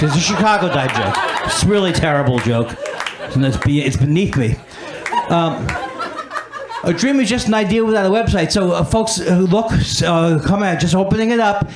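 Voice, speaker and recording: A man's voice: high-pitched, very noisy. A man doing a stand-up comedy set on a club stage, riffing on his own weak jokes and mocking himself. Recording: roomy club sound with a laughing crowd. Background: audience laughter.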